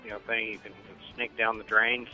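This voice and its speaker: A man's voice: lowish voice, flat delivery, normal speed, bright, forceful tone, faint music behind, low-quality recording. A man leaving a casual, crude joking question on a podcast voicemail line. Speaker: caller on voicemail.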